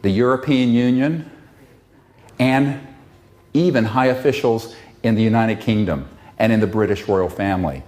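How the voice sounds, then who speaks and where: A man's voice: mid-range voice, darkish tone. Fiery, emphatic man giving a talk. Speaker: public speaker. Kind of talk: impassioned public talk.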